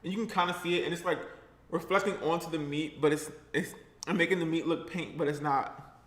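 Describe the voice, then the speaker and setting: A man with a high, bright voice chats in a sassy, playful way. He talks casually to his viewers in an eating vlog. The room around him sounds echoey. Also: steady tone, brisk. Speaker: vlogger.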